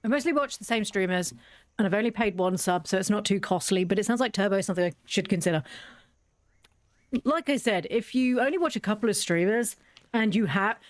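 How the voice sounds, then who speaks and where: While playing through a game, a female streamer chats and rambles, giggling and making fun of herself. She speaks in a mid-range voice, and the audio has no echo.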